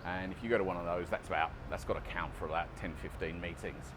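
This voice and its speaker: A man's voice: low voice, fairly even intonation, fast, fairly bright tone, slight background noise. A man vlogging casually outdoors about recovery, chatty and self-deprecating, often restarting his sentences. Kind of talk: casual vlog monologue.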